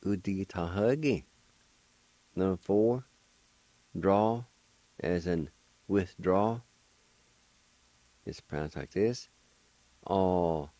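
In a dry radio studio recording, a low-voiced man with a mellow tone gives a slow spelling and pronunciation lesson. Taking his time and pausing often, he spells words one letter at a time and pronounces them syllable by syllable.

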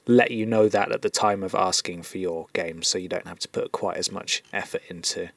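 A man's voice: low-pitched, fairly even intonation, normal speed, creaky, dry recording. A man from the UK co-hosting a podcast in loose, joking, rambling casual chat. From United Kingdom. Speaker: podcast co-host.

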